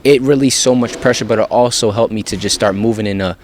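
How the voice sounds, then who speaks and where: A man's voice: on the low side, fast talker, slight background noise. A man hosting a casual podcast, eagerly affirming his guest and sharing his own thoughts. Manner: eager, affirming, frequent "yeah" and "come on". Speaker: podcast host.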